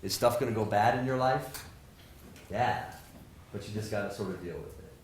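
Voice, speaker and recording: Animated man lecturing in a roomy hall. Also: fairly low pitch, normal speed, a little hiss or hum. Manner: animated, jokey, asks the audience questions. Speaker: professor giving a talk. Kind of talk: lively motivational lecture to students.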